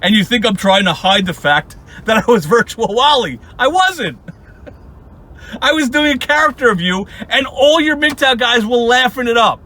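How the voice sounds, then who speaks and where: A man's voice: very high-pitched, lively intonation, measured pace, pushed and bright. A young man hosting his channel, ranting at someone in sarcastic, profane commentary and laughing often. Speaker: channel host.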